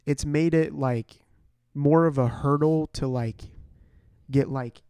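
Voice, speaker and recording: A man's voice: on the high side, slow, warm tone, clean tone, no echo. A young man co-hosting a podcast, talking in a laid-back, rambling way with lots of filler words. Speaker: podcast co-host. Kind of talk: casual chat.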